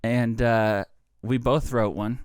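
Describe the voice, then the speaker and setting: A man co-hosts a comedy podcast, thinking out loud in a loose, rambling way and laughing often. His voice is clear and resonant at a mid pitch. The sound is dry and close. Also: steady tone, slow, no echo. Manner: rambling, laughs often, filler-heavy musing. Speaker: podcast co-host. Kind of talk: casual comedic chat.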